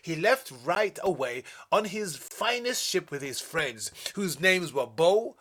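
Young male storyteller, high voice, lively swooping delivery, reads a kids' story aloud. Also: slow pace. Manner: animated, shouts out character lines. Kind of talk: reading own children's story aloud.

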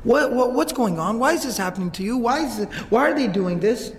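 A man's voice: very high-pitched, lively intonation, fairly quick, in a large hall, voice pushed up. A man voicing a small grieving girl, tearful and frightened, asking repeated pleading questions.

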